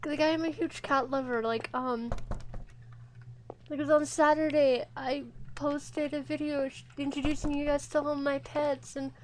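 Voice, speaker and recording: A woman's voice: high voice, level tone, measured pace, darkish tone, a little hiss or hum. A woman commenting casually on a horror game, reading its text aloud and talking to her viewers. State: near tears. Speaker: gaming YouTuber. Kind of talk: let's play commentary.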